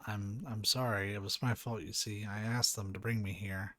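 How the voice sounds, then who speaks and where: A man's voice: fairly low pitch, steady tone, normal speed, no echo, studio quality. A man reading a timid, stammering scientist. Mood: nervous. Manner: hesitant, stammering, quiet. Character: timid, apologetic male scientist.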